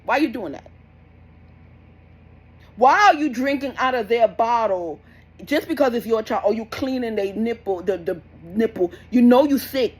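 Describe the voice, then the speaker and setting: A woman's voice: on the high side, expressive, normal speed, breathy edge, poor audio. A young woman, giving blunt, repetitive parenting advice in a scolding, casual rant. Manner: blunt, scolding, repeats herself. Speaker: parenting vlogger.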